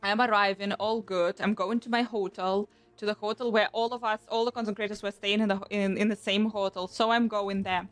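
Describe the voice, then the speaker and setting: A young woman chatting casually on a live stream, animated and swearing often as she restarts her sentences. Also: mid-range voice, brisk, few pauses, no echo. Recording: faint background music.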